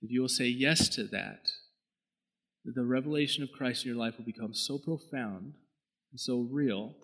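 A man's voice: medium pitch, a bit bright, low-quality recording. A man, preaching a sermon as pastor in a conversational, storytelling way that rises into emphatic bursts.

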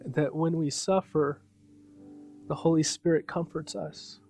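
A man's voice: fairly high pitch, fairly even intonation, unhurried, gravelly, a little mellow, soft background music. A man preaching a sermon as pastor, telling a personal story in a loose, conversational way with frequent fillers.

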